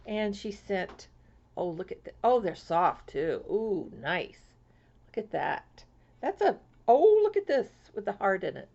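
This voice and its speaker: A woman from Florida chatting casually to her viewers as she opens mail, gushing and excitable and swooping high over each gift. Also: gravelly. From Florida, USA. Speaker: crafting vlogger. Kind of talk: casual chat opening mail. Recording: lo-fi home video sound.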